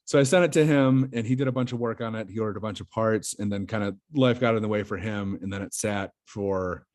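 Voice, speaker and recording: Rambling low-voiced man telling a story. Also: fast, a little mellow. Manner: rambling, filler-heavy storytelling. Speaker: podcast guest. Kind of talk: casual chat.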